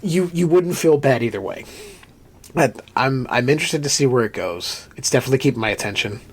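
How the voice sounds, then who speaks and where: A man co-hosting a casual podcast, recapping a film in an animated, profane way and acting out the characters' lines. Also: medium pitch, a little fast, breathy edge. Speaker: podcast co-host.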